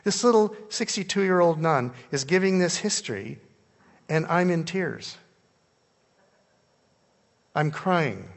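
Older guy preaching, gravelly voice, big echoey church hall, goes quiet then loud. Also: fairly high pitch, takes it slowly, pauses often. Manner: animated, jumps between hushed and loud. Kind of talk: storytelling sermon. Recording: long hall reverb.

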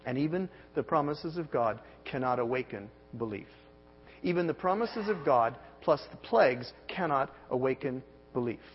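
A man in his forties preaching a sermon, emphatic, with big swings in pitch and loudness and many rhetorical questions. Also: lively intonation, moderate pace. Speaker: pastor. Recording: dull sermon audio with long hall reverb and faint hum.

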